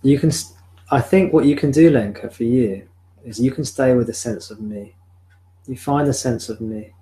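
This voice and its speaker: A man leading a live spiritual talk, guiding a listener with gentle, repeated questions. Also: medium pitch, normal speed. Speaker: spiritual teacher. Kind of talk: live satsang guidance. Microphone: video call or webcam.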